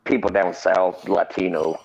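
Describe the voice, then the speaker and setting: A man's voice: deep voice, little pitch movement, a little slow, creaky, darkish tone, breathy edge, highs cut off. An American man in a casual group chat, talking loosely and rambling, laughing easily. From United States.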